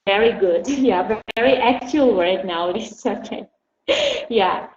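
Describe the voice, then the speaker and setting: A woman teaching a class online, explaining slowly and patiently and putting questions to her students. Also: mid-range voice, a little mellow. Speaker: English teacher. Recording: dull echoey room with faint hum.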